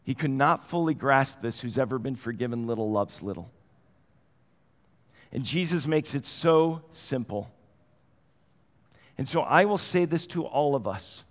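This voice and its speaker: A middle-aged man preaching a sermon, telling stories conversationally and moving between quiet and animated passages. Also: medium pitch, a little slow, pauses often. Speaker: pastor. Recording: long hall reverb.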